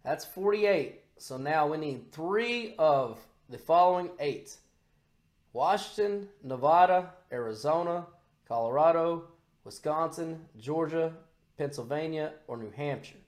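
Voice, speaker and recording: A man hosting a podcast in a casual, profane, excitable chat who bursts into shouts. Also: fairly high pitch, a little slow. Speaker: podcast host.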